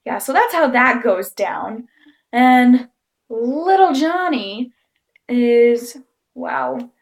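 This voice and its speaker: This woman's slightly high voice is creaky and extremely slow as she tells a casual story to camera. She chats and giggles a lot, animatedly quoting what people said.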